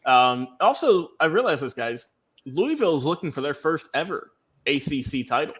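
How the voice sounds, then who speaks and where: A man's voice: a little high, very animated, normal speed, fairly bright tone. A man hosting a casual sports prediction panel, easygoing and hesitant, with many ums. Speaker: sports show host.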